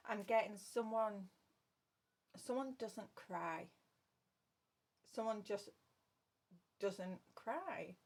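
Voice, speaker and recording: A woman's voice: medium pitch, extremely slow, long pauses, a little mellow. Earnest woman giving a tarot reading. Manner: earnest, repeats phrases, addresses listener as love. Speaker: tarot reader. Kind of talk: spoken tarot reading to viewers.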